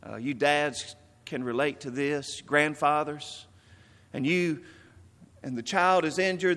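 A man preaching a sermon as pastor, telling stories and stressing words, then dropping softly. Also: fairly high pitch, big-room sound.

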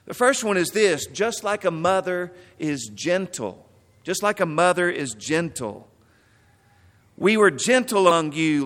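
A man preaching a sermon as pastor, telling stories and stressing words, then dropping softly. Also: fairly high pitch, long reverb tail.

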